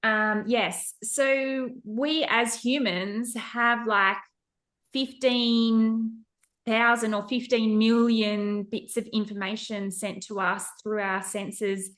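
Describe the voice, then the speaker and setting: A woman's voice: on the high side, steady tone, slow pace, fairly bright tone. Bubbly woman podcast host. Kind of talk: casual interview chat.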